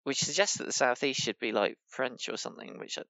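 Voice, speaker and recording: A man's voice: medium pitch, fast talker, sharp tone, no room sound. A man in a casual group chat who muses hesitantly, with many fillers. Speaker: podcast panelist. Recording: dull dry lo-fi mic.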